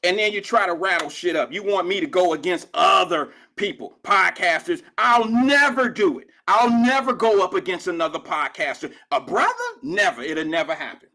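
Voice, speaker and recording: A man's voice: high-pitched, normal speed, hardly any pauses, bright, forceful tone. A middle-aged man from Cincinnati hosting a live call-in show, ranting in a fiery, profane and confrontational way at his critics. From Cincinnati, USA. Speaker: talk show host.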